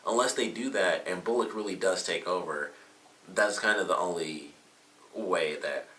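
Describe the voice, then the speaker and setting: Low, bright rambling guy in an echoey room. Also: normal speed. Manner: rambling, with many fillers and self-corrections. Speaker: TV episode reviewer. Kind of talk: casual solo review. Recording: roomy echo, mic at a distance.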